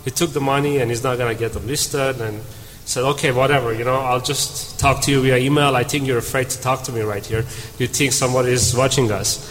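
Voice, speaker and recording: A man's voice: mid-range voice, a little fast. Man telling a story in a reverberant hall. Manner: animated storyteller, acts out dialogue. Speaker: panel speaker. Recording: reverberant hall, faint room noise.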